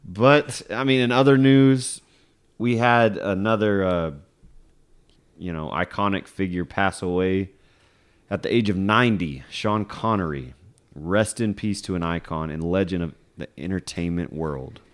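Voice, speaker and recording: A man's voice: low voice, a little slow, smooth. A man hosting a podcast in casual chat, laid-back and trailing off mid-sentence. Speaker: podcast host.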